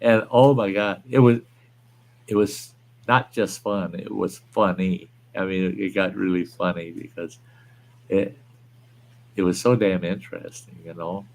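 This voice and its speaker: A man's voice: low-pitched, fairly even intonation, unhurried, gravelly, a little mellow. A man hosting a livestream, chatting casually, rambling and reading viewer comments aloud. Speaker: livestream host. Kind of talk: casual chat.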